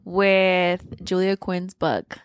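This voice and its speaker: A woman co-hosting a book podcast in relaxed, wry, matter-of-fact casual chat. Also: lowish voice, very slow, clean tone, no echo, clean studio sound. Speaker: podcast co-host.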